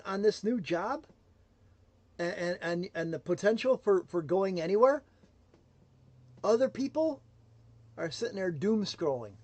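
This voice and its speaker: A man giving a motivational livestream talk, emphatic and swinging between loud declarations and hushed asides. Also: high voice. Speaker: motivational speaker.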